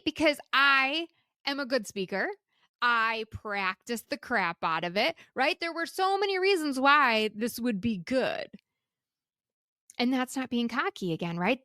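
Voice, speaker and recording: A woman host in midlife, speaking to listeners on her own podcast, chatty and encouraging. She often asks her audience rhetorical questions. Her voice sits a little high, and the recording is close and dry with no room sound. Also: sharp tone, no echo. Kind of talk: solo podcast talk.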